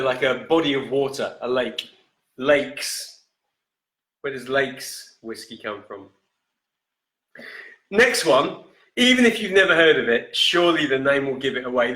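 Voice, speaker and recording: A man hosting a live-stream whisky quiz in a casual, chatty way, reading each question slowly and repeating it. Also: fairly high pitch, bright, forceful tone. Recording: echoey room.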